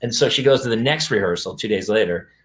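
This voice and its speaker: Animated middle-aged man telling a story. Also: fairly low pitch, fast, echoey room. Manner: animated, acts out dialogue in quoted voices. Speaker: podcast co-host. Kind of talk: casual storytelling.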